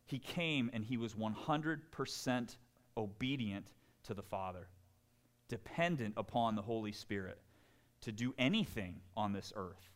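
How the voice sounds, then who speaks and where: A man preaching a sermon in an animated, conversational way, full of jokes and asides. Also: on the low side, measured pace. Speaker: pastor.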